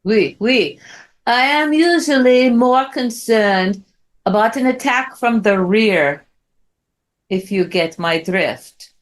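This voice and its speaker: A woman's voice: fairly high pitch, animated, slow pace. A woman improvising as a sly, confident architect with a put-on French accent.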